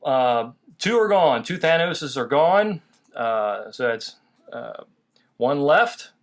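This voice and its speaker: A man's voice: medium pitch, big pitch swings, slow pace. A man hosting a casual toy review chat, laughing easily and restarting his sentences. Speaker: toy review channel host.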